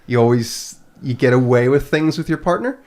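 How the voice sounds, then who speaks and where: Animated man hosting a podcast. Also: medium pitch, moderate pace. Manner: animated, sarcastic storytelling. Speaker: podcast host. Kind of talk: casual podcast chat.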